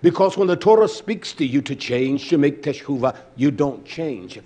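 Male preacher, fairly high-pitched, fiery and blunt, swings between shouting and muttering. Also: animated, normal speed, slightly rough. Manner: blunt, salty language. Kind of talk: sermon.

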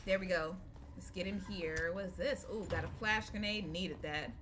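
A woman giving casual, profane let's-play commentary, loud and excitable as she yells at the game. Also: on the low side, normal speed, noisy background. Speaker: gaming channel host. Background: game music.

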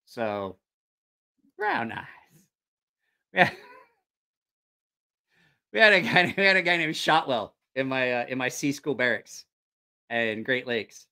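A man rambles through a casual stream and swears freely as he answers viewers. His bright, lively voice rises and falls a lot. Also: medium pitch, slow, long pauses. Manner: rambling and profane, reacting to comments. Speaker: channel host. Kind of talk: casual livestream chat with viewers.

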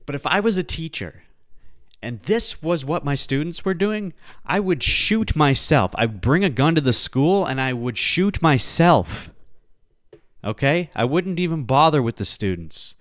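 Man, podcast host, casual commentary, profane, incredulous, rambling, clear resonant voice. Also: medium pitch, a bit bright.

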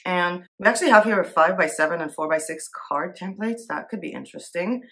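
Chatty woman with a lowish voice. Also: fast talker, a bit bright. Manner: chatty, thinks aloud, giggles easily. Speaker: Etsy seller and art vlogger. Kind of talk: casual screen-share commentary.

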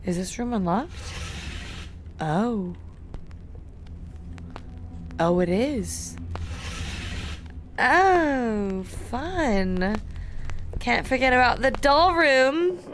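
A young woman with a high voice that swoops up and down, muttering nervously to herself as she streams a horror game. She curses freely and jumps at every scare. Her words come slowly, over a noisy background. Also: sing-song. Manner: jumpy, swearing, talking to herself; nervous self-talk. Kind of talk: horror game let's play commentary.

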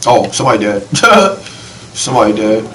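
A young man giving casual, slangy let's-play commentary, reacting to the game with quick excited exclamations. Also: fairly low pitch, distant mic, low-quality recording. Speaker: gaming channel host. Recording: voice a bit off-mic with faint noise.

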